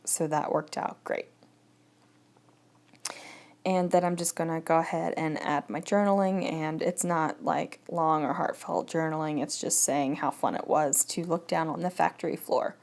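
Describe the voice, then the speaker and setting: Gravelly low-voiced woman narrating crafts. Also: fairly even intonation, unhurried, darkish tone. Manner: easygoing, chatty, thinking aloud. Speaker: scrapbooking vlogger. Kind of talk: casual voice-over narration.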